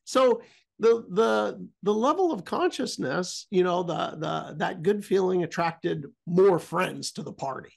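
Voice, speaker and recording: Gravelly middle-aged man, lively up-and-down delivery, rambling anecdotes on a talk show. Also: high-pitched, measured pace. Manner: rambling, trailing off often. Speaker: podcast co-host. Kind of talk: casual storytelling.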